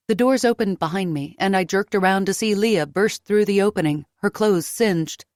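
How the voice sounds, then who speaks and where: A woman narrating a fantasy romance audiobook in first person, with a lively delivery and close studio sound. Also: normal speed, hardly any pauses, no room sound. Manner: lively, raising pitch for her own character's dialogue.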